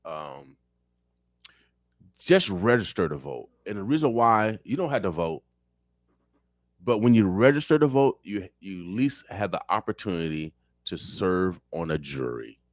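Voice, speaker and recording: A man's voice: low voice, big pitch swings, unhurried, dry recording, studio quality. A man speaking as a radio show guest, talking politics in a fiery, preacher-like way and repeating phrases for emphasis. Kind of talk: impassioned political talk. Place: radio studio.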